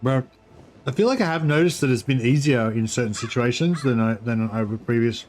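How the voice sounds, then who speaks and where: A man giving casual, rambling commentary on his strategy game livestream, halting and talking while eating. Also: mid-range voice, darkish tone, soft background music. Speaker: streamer.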